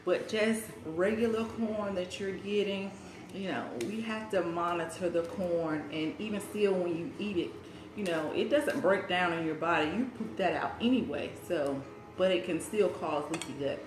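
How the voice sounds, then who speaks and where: A woman's voice: on the low side, moderate pace, roomy sound, over music. Chatty woman hosting a cooking stream. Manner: chatty, talks with her mouth full while eating. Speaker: cooking show host. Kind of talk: casual livestream cooking chat. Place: home kitchen.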